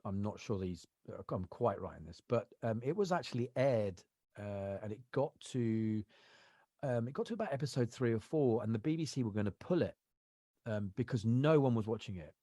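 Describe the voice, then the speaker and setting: A man's voice: on the low side, expressive, moderate pace, mellow, no room sound, studio quality. A man, an actor telling rambling anecdotes as a podcast guest. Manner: rambling anecdotal storytelling, lots of fillers. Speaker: actor and voiceover artist, guest. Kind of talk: casual interview chat.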